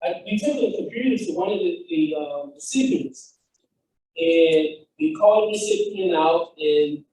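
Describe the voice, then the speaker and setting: A man's voice: fairly high pitch, expressive, measured pace, a little mellow, far from the mic, a little hiss or hum. A man giving a fired-up motivational talk as a founder, telling a story with quoted dialogue. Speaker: founder and speaker. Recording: echoey hall, speaker off-mic.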